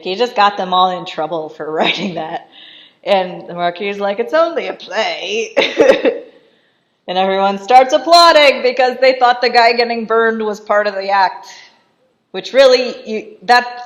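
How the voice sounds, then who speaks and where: A woman's voice: medium pitch, highs cut off. A woman giving casual, chatty film commentary, often laughing and briefly acting out the characters' lines. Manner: chatty, giggly, acts out quotes in quick voices.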